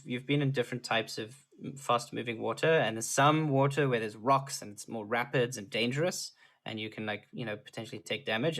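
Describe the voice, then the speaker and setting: A man running a tabletop role-playing session as game master. His voice sits at an ordinary middle pitch. He lays out the scene and the rules in an easygoing way and laughs often. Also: a bit bright.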